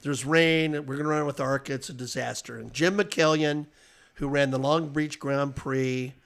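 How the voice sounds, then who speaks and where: A man on a podcast as guest, telling casual anecdotes with animated delivery and frequent chuckles. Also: mid-range voice, moderate pace, gravelly. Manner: animated storyteller, chuckles often.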